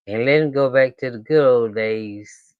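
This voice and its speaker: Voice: medium pitch, smooth, no room sound, lo-fi sound. A host of a reaction channel, joking in a loose, casual way and talking straight to the viewers. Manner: slow, drawling and joking, talks straight to viewers.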